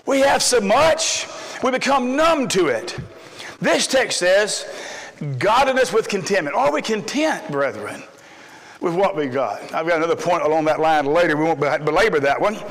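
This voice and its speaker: A middle-aged man, preaching a folksy sermon full of stories, swinging between loud emphasis and low asides. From Texas. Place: church sanctuary. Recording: long hall reverb.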